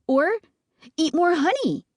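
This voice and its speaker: A woman voicing an eager, admiring little sister in a high, sweet girlish voice for an audiobook. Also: big pitch swings, takes it slowly, a little mellow, no echo, studio quality, exaggerated voice. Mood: adoring.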